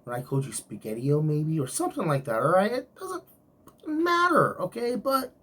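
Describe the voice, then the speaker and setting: Husky man ranting in a vlog. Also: high voice, sing-song, normal speed, fairly bright tone, distant mic. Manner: angry, profane venting. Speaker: security guard. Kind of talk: vlog rant.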